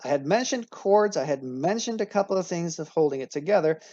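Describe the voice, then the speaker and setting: A man's voice: fairly high pitch, lively intonation, a little fast, warm tone, no echo. Casual upbeat male anatomy teacher. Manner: casual and upbeat, with frequent self-corrections and analogies. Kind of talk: recorded lecture. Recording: dry, slightly dull recording.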